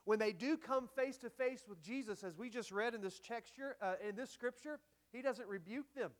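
A man's voice: extremely high pitch, moderate pace. A man preaching a sermon in a conversational way, with asides and emphatic quoted lines. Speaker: pastor.

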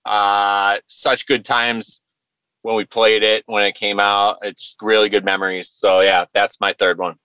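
A man with a bright, tense and very smooth voice chats on a podcast. He speaks with warm enthusiasm and encouragement. The sound is dry and close to the mic. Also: fairly low pitch, little pitch movement, measured pace, no echo, poor audio. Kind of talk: casual chat.

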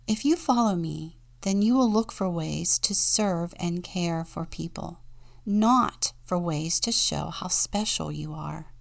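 Lady reading jesus, calm gentle teacher, slow and a bit gravelly. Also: lowish voice. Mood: patient. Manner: gentle, patient.

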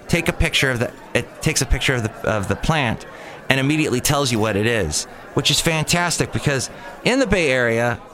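A man's voice: medium pitch, sharp tone. A man hosting a solo podcast, talking in a rambling, jokey way that drifts from topic to topic. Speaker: podcast host.

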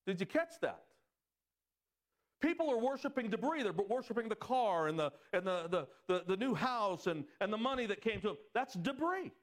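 A man preaching to his congregation, his voice set a touch high for a man. He climbs sharply in pitch to stress his points, then drops low and quiet as he reads scripture and makes his case. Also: normal speed. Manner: animated preaching, swings pitch up for emphasis. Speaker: pastor. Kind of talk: sermon.

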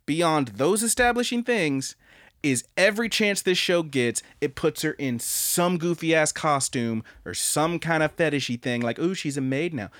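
A man co-hosting an anime podcast, excitable and gushing, swearing often in casual chat. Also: on the high side, unhurried, no echo, studio quality. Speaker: podcast co-host.

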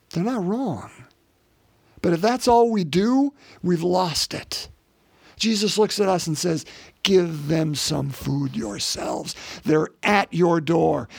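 Male preacher, fairly high-pitched and raspy, earnest sermon with rhetorical questions. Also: no echo.

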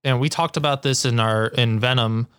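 A man co-hosting a podcast in casual, joking chat, animated and profane. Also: medium pitch, moderate pace, clear, resonant tone, no room sound, studio quality. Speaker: podcast co-host.

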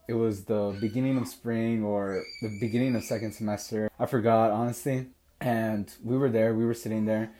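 A young man hosting a podcast, telling a personal story in a casual, animated way and laughing often. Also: lowish voice. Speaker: podcast host.

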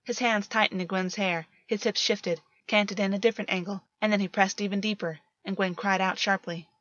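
A woman's voice: medium pitch, fairly even intonation, fairly quick, a bit bright, dry recording. Woman reading fiction on dull lo-fi audio. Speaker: narrator. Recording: dull lo-fi, dry.

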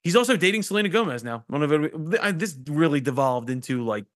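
A man's voice: a little high, expressive, quick pace, a bit bright. A man hosting a podcast, telling loose, profane stories in casual chat. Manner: loose, profane storytelling with laughs. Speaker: podcast host.

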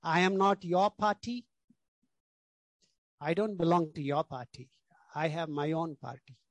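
A man's voice: on the high side, steady tone, measured pace, no echo, highs cut off. A male pastor preaching a sermon, stressing key words, repeating lists and leaning on "you know".

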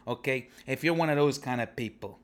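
A man's voice: medium pitch, brisk. A young man giving rambling, joking fantasy football picks to camera, brash and full of asides. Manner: brash, joking, keeps tacking on "okay?". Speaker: comedic fantasy football vlogger. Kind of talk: rambling comedic commentary to camera.

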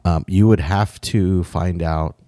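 Deep-voiced man in a rambling chat. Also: fairly even intonation, slow pace, dark tone, no echo, studio quality. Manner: rambling, restarts often, swears freely. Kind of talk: casual chat.

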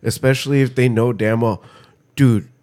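A man's voice: mid-range voice, normal speed. A man co-hosting a podcast, ranting in casual chat with heavy swearing. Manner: profane, ranting, bursts into mock yelling. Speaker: podcast co-host.

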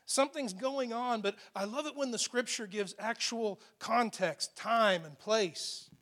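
A pastor preaching a sermon in a church, speaking in a conversational, emphatic way with asides to the congregation. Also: male voice, very high-pitched, unhurried, fairly bright tone. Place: church sanctuary.

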